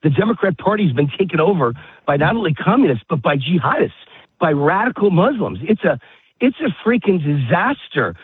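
A man's voice: fairly high pitch, big pitch swings, fairly quick, slightly rough, no room sound. A man walking his dog while calling in, out of breath, ranting emphatically and repeating himself. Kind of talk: political talk radio rant. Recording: tinny phone-line audio.

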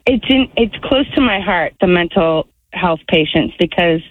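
A woman calling in to a radio show, chatty but halting as she talks. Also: lowish voice, expressive, no room sound. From Northport. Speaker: caller. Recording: tinny phone line.

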